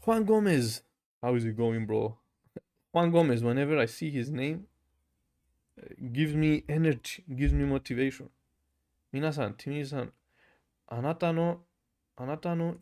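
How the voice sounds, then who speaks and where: A young man with a German accent talks to his camera in a casual livestream, slightly high voice. He reads comments, says bro constantly, laughs easily and drills phrases over and over. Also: mellow. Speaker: language learner livestreaming. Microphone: camera mic.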